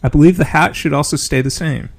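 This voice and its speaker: A man co-hosting a podcast in casual chat, measured and deadpan. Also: on the high side, vocal fry. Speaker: podcast co-host.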